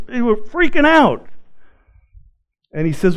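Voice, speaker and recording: A man preaching a sermon, swinging between loud, excited passages and quiet, hushed ones. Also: high-pitched, a little slow, pauses often. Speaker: pastor.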